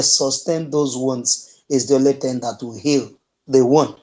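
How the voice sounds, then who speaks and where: A man's voice: medium pitch, fairly even intonation, measured pace, darkish tone. A man giving an impassioned speech in an online audio room, solemn and declaiming in repeated refrains.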